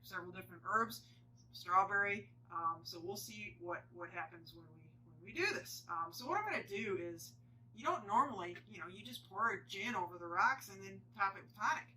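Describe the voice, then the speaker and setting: A woman's voice: medium pitch, expressive, brisk, sharp tone, distant mic, a little hiss or hum, low-quality recording. A woman chatting casually to camera as she picks ingredients for a drink, rambling with many fillers and restarts. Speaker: home cocktail vlogger.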